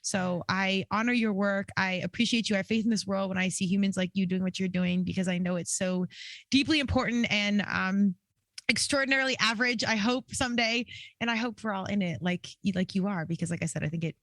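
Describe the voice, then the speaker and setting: A woman's voice: mid-range voice, a bit bright, no room sound. A woman hosting a podcast interview, effusive and chatty in casual conversation. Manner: effusive, quick-talking. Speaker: podcast host.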